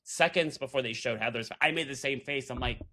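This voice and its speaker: A man's voice: medium pitch, fast, bright, forceful tone. A man co-hosting a casual recap chat, emphatic and chatty, swearing and mimicking others. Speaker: podcast co-host.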